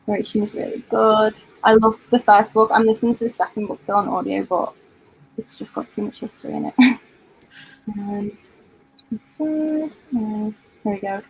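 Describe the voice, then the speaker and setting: A woman's voice: medium pitch, normal speed, pauses often, slight background noise, poor audio. A British woman in her twenties hosting a casual livestream, chatty and full of "like" and "um" as she reads out comments. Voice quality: chatty, filler-heavy, often says "like". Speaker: livestream host.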